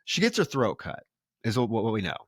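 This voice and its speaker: A man's voice: fairly low pitch, wildly swooping pitch, fairly quick, fairly bright tone, dry recording, clean studio sound. A man co-hosting a film podcast, retelling plot scenes in casual chat. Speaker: podcast co-host.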